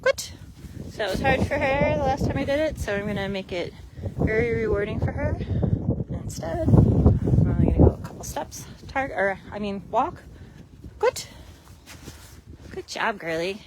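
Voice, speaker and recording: A woman training horses outdoors in a paddock. She coaxes them in soft, sweet baby talk and explains each step to her viewers. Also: fairly high pitch, expressive, moderate pace, long pauses, heavy background noise. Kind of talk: casual vlog while training horses.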